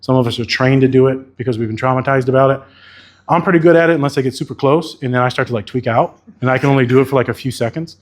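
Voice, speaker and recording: A man's voice: medium pitch, rapid-fire. Candid, swearing man giving a keynote. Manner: candid, casual, swears freely. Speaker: keynote speaker, therapist. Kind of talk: conference keynote speech. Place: conference venue.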